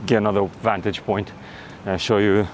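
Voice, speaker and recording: A man's voice: fairly low pitch, little pitch movement, moderate pace, slight background noise. A man from Romania recording a casual travel vlog outdoors on city streets, rambling and joking and swearing now and then. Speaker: travel vlogger. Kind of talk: casual walking vlog commentary.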